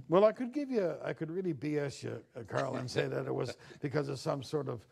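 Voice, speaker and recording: In a seated interview, this older columnist from Newfoundland, Canada, reflects on growing up and performs the voices he quotes. He speaks fairly quickly in a higher register with lively intonation, a darkish, breathy sound and touches of vocal fry.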